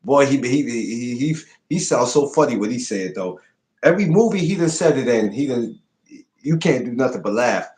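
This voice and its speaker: A man in a relaxed podcast conversation, his voice sitting in an ordinary middle register. He tells stories with animation and presses his co-host with probing questions. The talk stays loose and casual throughout. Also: mid-range voice, moderate pace.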